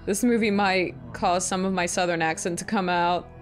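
Excitable woman reacting to a film. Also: fairly low pitch, moderate pace, soft background music. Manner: excitable, exclaiming, chatty. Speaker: movie reaction YouTuber. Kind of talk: casual reaction commentary.

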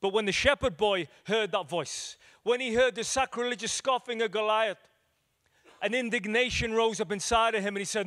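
A male evangelist preaching a sermon, telling stories with acted quotes and swinging between loud declarations and hushed moments. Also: sits high, normal speed. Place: church hall.

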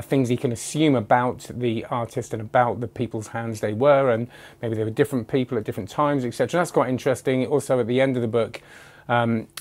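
A man reviewing a magic book in a casual, rambling way, often correcting himself and giving his own opinions. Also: medium pitch.

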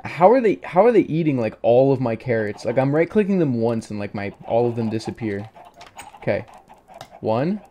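A man's voice: mid-range voice, very animated, moderate pace, dark tone, slight background noise. A man doing let's play commentary of a game, exasperated and pleading, with jokey asides. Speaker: gaming youtuber.

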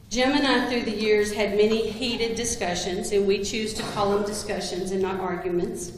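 A woman's voice: medium pitch, a little hiss or hum. A woman giving a eulogy for a longtime coworker, telling humorous stories about him. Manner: humorous, anecdotal storytelling. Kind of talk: eulogy speech. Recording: very echoey hall with long reverb.

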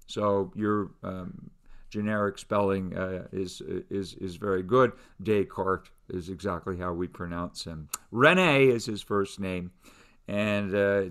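A middle-aged philosophy professor gives an online lecture over a video call, speaking conversationally with many fillers and restarts. His voice sits fairly low in pitch with a fairly bright tone.

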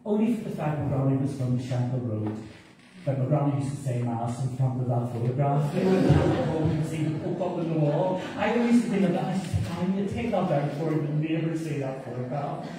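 A man's voice: on the high side, a little fast. A middle-aged man with a Northern Irish accent, a pastor telling humorous family stories in a sermon. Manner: warm anecdotal, humorous asides. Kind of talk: storytelling sermon. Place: church hall. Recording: echoey church from far off, faint noise.

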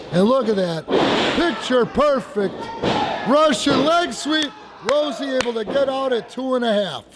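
A man giving excited, folksy play-by-play commentary on a wrestling match, repeating phrases for emphasis. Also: extremely high pitch. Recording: noisy live recording.

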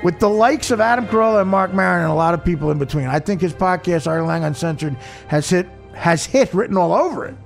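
Male host, high and gravelly, teasing, stumbles when reading aloud. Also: animated, soft background music. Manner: teasing, reads aloud haltingly. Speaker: podcast host. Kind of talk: casual chat.

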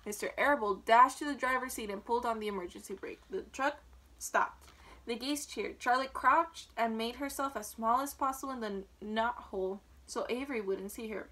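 A woman reads a children's book aloud, narrating clearly and steadily. Her voice is bright and crisp, sitting a little higher than most women's. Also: moderate pace. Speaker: storybook reader.

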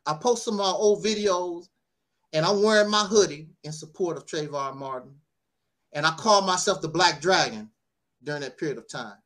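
A man's voice: fairly high pitch, moderate pace, a bit bright. A man speaking in an emotional personal monologue, tearful and heated, with a preacher-like cadence. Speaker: online commentator.

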